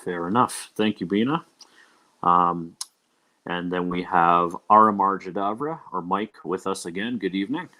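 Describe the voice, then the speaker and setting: A man's voice: low-pitched, moderate pace, sharp tone. A young man hosting a casual livestream podcast, talking in a loose, rambling way with many ums and uhs. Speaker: podcast host.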